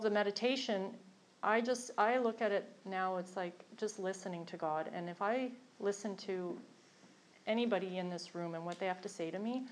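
A woman's voice: mid-range voice, a little hiss or hum. A middle-aged woman giving a candid, rambling personal testimony with self-deprecating humor to a group in a meeting room. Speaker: speaker sharing her recovery story.

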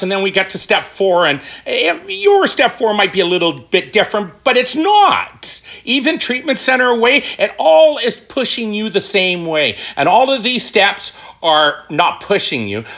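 A middle-aged man telling his recovery story, emphatic and animated, asking questions and answering them himself. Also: high-pitched. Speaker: recovery speaker. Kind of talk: personal testimony talk.

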